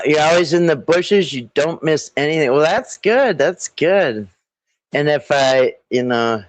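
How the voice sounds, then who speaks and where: Slow, halting man. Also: mid-range voice, no room sound, low-quality recording. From Minnesota. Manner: rambling, halting, frequent throat clearing. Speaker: live stream host. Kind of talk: casual live chat.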